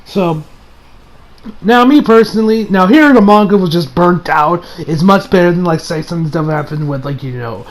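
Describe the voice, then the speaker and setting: Rambling excited man recapping an anime. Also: high voice, normal speed, rough recording. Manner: rambling, full of "like" and restarts, bursts into excited laughter. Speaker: anime reviewer. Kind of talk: casual episode recap.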